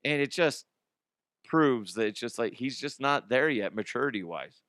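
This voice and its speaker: A man's voice: mid-range voice, animated, normal speed, fairly bright tone, no room sound, studio quality. Profane sarcastic man ranting sports. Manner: profane, sarcastic, laughs at own jokes; mocking impressions of fans and players. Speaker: sports talk show host. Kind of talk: casual sports talk rant.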